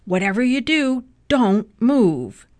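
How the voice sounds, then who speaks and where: A woman reading aloud, putting on a blustery middle-aged husband who shouts orders. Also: a little high, very animated, slow, pitched above the performer's own voice. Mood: alarmed. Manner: loud, bossy shouting. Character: blustery middle-aged man, Mister Watson.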